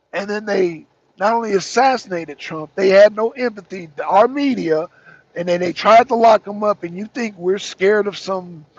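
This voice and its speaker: Man, heated commentary, emphatic and repetitive, mocking, husky voice, muffled lo-fi sound. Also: high voice, no echo. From United States. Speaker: talk show co-host.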